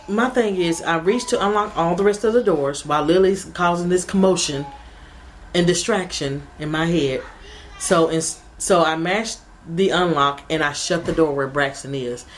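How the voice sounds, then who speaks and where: Young woman, family vlogger, low voice, rambling emotional storytelling, faint background ambience. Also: a little hiss or hum. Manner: rambling, emotional retelling with quoted dialogue. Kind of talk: casual storytelling to camera.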